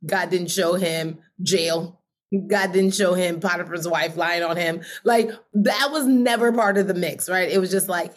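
A woman with a lowish voice tells a personal story as an interview guest, full of animation and frequent laughter. She acts out what she was thinking back then using quick, different voices.

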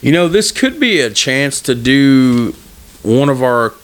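A man's voice: medium pitch, very animated, slow pace. A man in his thirties co-hosting a podcast in casual chat, joking and rambling, often slipping into voices to tell a story. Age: 30s. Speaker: podcast co-host.

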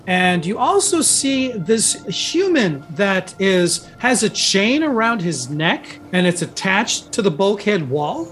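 A man's voice: high voice, sing-song, slow pace, hardly any pauses, fairly bright tone. A man narrating a tabletop role-playing game as game master, describing the scene in a rambling way with lots of ums and restarts. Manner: rambling, many fillers and restarts.

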